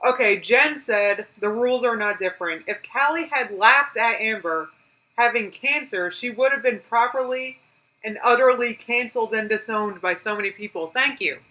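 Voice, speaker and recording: A woman from the United States hosting a live reaction stream, with a bright, forceful voice pitched a little high. She talks back to the clip in exasperation, demands evidence and reads viewer comments aloud between laughs. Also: moderate pace, low-quality recording.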